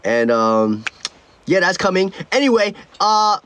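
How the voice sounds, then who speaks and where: Young male streamer, slightly high-pitched, loose rambling storyteller who stumbles and repeats himself. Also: big pitch swings, measured pace, fairly bright tone, slight background noise. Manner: rambling, many restarts and repeated words. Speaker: livestreamer. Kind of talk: casual livestream storytelling. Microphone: own streaming mic.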